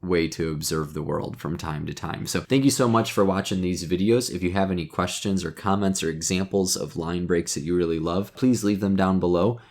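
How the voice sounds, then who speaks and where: A man's voice: low-pitched, brisk, hardly any pauses, darkish tone. A man teaching poetry in a chatty, self-deprecating way as host of his own lesson channel. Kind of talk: casual explainer lesson.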